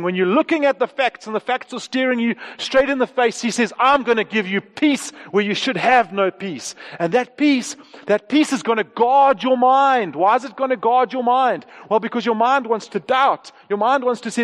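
A man preaching a sermon as pastor, emphatic and repeating words, rising in pitch for stress. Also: big-room sound.

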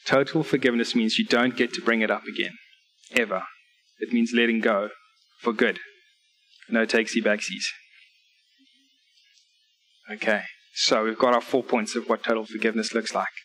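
Male preacher in a church service, delivering an earnest sermon with scripture readings and clear numbered points. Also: lowish voice, flat delivery, normal speed, long pauses, fairly bright tone, rough recording. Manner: earnest, direct appeals to listeners.

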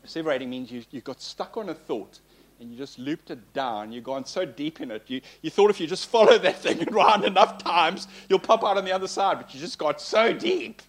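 A man delivers a sermon in an animated, playful way, circling back over phrases to press them home. His voice sits a little high for a man. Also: brisk. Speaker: pastor. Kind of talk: sermon teaching.

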